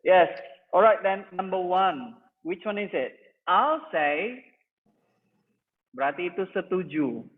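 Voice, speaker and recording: A man's voice: high-pitched, expressive, unhurried, long pauses. A man with an Indonesian accent teaching an English test-prep class. He quizzes the students and explains each answer. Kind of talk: TOEFL listening class review. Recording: tinny phone-like sound with long echo.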